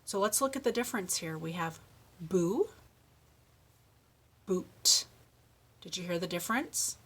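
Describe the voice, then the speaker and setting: A middle-aged woman leading a speech lesson for young children, modeling words slowly with exaggerated endings and steady encouragement. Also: lowish voice, slightly rough. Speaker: speech therapist.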